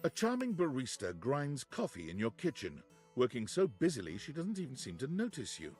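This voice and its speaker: A man giving the calm, scripted narration of a video game scene. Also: medium pitch, brisk, faint music behind.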